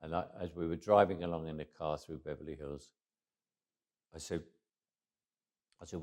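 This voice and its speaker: A man's voice: deep voice, moderate pace, pauses often, warm tone. A man, telling anecdotes in an interview. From England. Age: 80s. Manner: anecdotal, with frequent restarts and chuckles. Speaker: guest. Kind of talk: storytelling interview.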